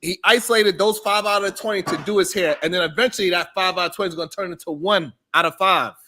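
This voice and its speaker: A man with a high, bright, ringing voice hosts a podcast debate. He argues bluntly and heatedly, and he swears freely. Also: fast talker, a little hiss or hum. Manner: blunt, profane, argumentative. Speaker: podcast host.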